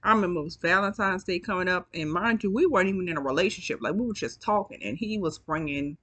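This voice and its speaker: A woman's voice: on the low side, lively intonation, quick pace, a bit bright. A woman telling a story to her viewers in a chatty, profane, casual way, yawning as she goes. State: yawning, sleepy. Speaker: storytime vlogger.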